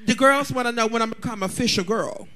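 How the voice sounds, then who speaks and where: Animated bawdy man with a very high voice. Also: fast talker. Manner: animated, bawdy storytelling full of laughter. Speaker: guest drag performer. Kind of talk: casual chat.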